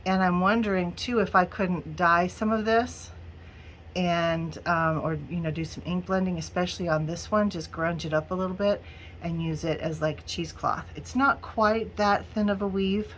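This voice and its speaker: A woman's voice: on the low side, fairly even intonation, normal speed, a bit bright, a little hiss or hum. A middle-aged woman, chatting casually and giggling through a haul video at home. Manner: chatty, giggly, addresses viewers as y'all. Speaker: crafting vlogger.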